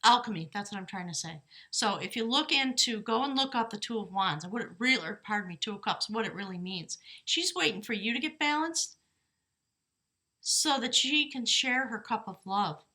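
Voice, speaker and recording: Bright, chatty woman reading tarot. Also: fairly high pitch, animated, normal speed. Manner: chatty, laughs often, corrects herself mid-sentence; talks aloud to her spirit guides. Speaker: tarot reader. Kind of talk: casual tarot reading to camera. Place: desk in a small house by an open door.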